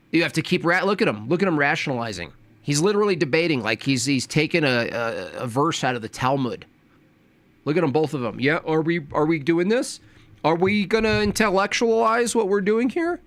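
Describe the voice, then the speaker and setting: A man hosting a reaction commentary, scornful and preachy, jumping from loud jabs to low mutters. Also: no echo. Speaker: commentary host.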